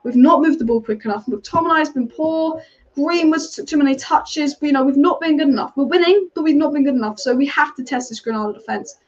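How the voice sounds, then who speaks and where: This is a high-voiced woman on a muffled recording, hosting a football fan channel's live watch-along. Opinionated and talkative, she rattles off reactions to the match and picks up comments from viewers.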